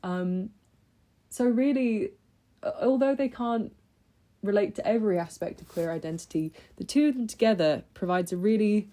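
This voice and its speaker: A woman's voice: medium pitch, moderate pace, mellow. A young woman talking through books she read in a chatty, enthusiastic vlog, with lots of ums and restarts. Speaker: book vlogger. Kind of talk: casual book review chat.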